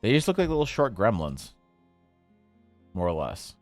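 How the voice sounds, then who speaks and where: A man streaming while he draws, chatting casually with his viewers in a jokey, mock-outraged way, with sudden loud bursts. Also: lowish voice, wildly swooping pitch, moderate pace, no echo, faint music behind. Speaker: artist streaming while drawing. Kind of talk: casual livestream chat to viewers.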